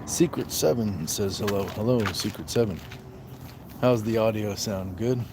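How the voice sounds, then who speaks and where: A man with a lowish voice hosts a casual live stream from his phone as he walks outside at night. Speaking at a measured pace with frequent pauses, he relaxedly reads viewer comments aloud and answers them, with noise all around him. He holds the phone as his microphone.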